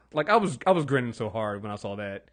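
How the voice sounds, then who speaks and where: A man co-hosting a casual TV recap podcast, rambling and animated, swearing freely and acting out characters' lines. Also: lowish voice, fast. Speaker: podcast co-host.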